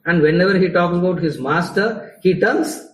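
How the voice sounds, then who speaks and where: A man with a Tamil-English accent teaches a class in a chatty, teasing way. His voice sits a little high. It is picked up from some way off in a room full of echo. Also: moderate pace, slight background noise. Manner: conversational, teasing the audience, mixing English and Tamil. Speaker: spiritual lecturer. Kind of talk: live lecture to a class. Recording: echoey hall, mic at a distance.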